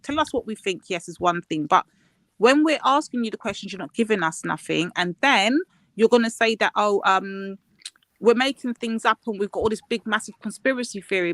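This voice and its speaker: A woman's voice: medium pitch, a bit bright, no echo. Woman host pressing questions. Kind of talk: casual panel chat.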